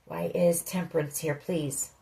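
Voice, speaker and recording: A woman's voice: deep voice, steady tone, a little slow, gravelly, warm tone, a little hiss or hum, rough recording. Earnest woman giving a tarot reading. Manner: earnest, addresses listener directly. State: emotional. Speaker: tarot reader.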